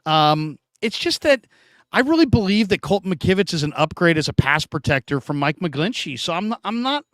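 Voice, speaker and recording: A man's voice: high voice, very animated, normal speed, a bit bright, no room sound. A man hosting a casual sports talk show, chatting and reading out viewer comments.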